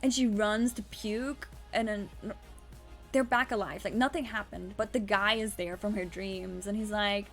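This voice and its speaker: A woman's voice: medium pitch, measured pace, fairly bright tone, soft background music. A woman streamer casually recapping a story, rambling with restarts and swearing.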